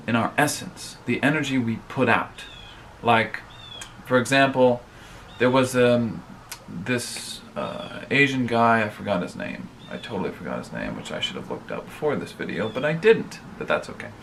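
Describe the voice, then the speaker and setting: A man's voice: medium pitch, expressive, normal speed, vocal fry, fairly bright tone, a little hiss or hum. A man hosting his own advice vlog, talking casually and rambling, with lots of fillers and frequent asides to his viewers. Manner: rambling, filler-heavy, addresses viewers directly. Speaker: vlogger host.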